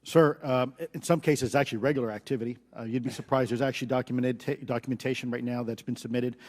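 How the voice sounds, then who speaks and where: A man's voice: medium pitch, steady tone, fast, a little mellow, big-room sound. A man testifying as an expert witness at a hearing, confident and deferential. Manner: confident, deferential, says sir.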